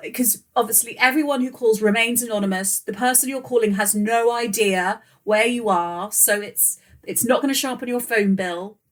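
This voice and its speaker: A woman's voice: on the high side, fairly bright tone. A woman from England hosting a podcast interview, encouraging her guest. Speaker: podcast host.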